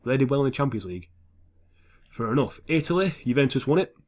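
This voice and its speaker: A man's voice: mid-range voice, expressive, fast, a little mellow. A young man giving casual, sweary commentary over a football management game. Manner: blunt, sweary and offhand. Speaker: gaming YouTuber.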